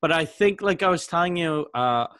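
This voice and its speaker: A man's voice: fairly high pitch, animated, moderate pace, sharp tone, no echo, clean studio sound. A man hosting a casual podcast chat, telling rambling stories with lots of swearing. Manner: profane, rambling storyteller. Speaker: comedian podcast host.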